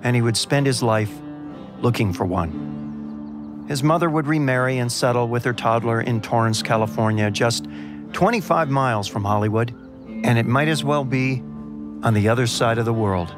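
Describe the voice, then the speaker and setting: A man giving measured, dramatic, scripted narration for an audio drama. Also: medium pitch, over music.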